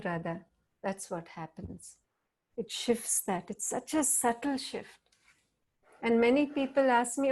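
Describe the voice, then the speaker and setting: A middle-aged woman, a counselor gently guiding listeners through a mindfulness exercise on a video call. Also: a little high. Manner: gentle, reflective, guiding with soft prompts. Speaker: counselor leading a wellness talk. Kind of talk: guided mindfulness session over video call.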